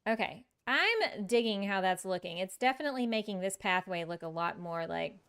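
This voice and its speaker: A woman's voice: mid-range voice, lively intonation, normal speed, a bit bright, clear, resonant tone. A woman streaming a game, chatting casually with viewers in a chatty, self-mocking way and laughing often. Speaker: live-streaming gamer. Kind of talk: casual gameplay chat with viewers.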